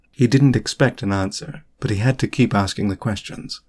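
A man narrating a story in an audiobook reading, with steady storytelling delivery. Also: fairly low pitch, moderate pace.

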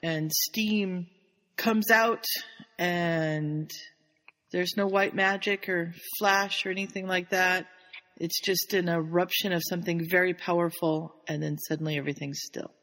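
A woman co-hosting a podcast, casually retelling a story in an animated way and laughing often. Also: lowish voice, measured pace, long reverb tail. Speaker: podcast co-host.

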